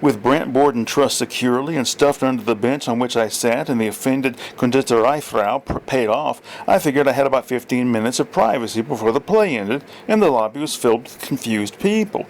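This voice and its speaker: A man's voice: mid-range voice, brisk, hardly any pauses, slight background noise, low-quality recording. A man reading his own fiction aloud, plainly, with small slips and corrections.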